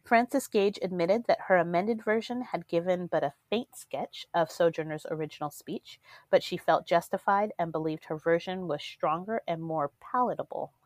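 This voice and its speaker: A woman's voice: fairly low pitch, moderate pace, no room sound. A woman co-hosting a podcast, reading her history notes aloud with frequent ums between her remarks. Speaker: podcast co-host. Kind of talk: casual chat with read-out history notes.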